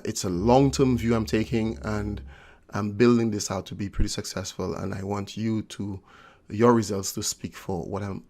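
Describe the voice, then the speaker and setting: A man's voice: lowish voice, a little mellow. A man talking straight to his viewers about his online business model. He talks with energy, fills in with "you know", and keeps checking in with "right?". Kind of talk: casual pitch to viewers.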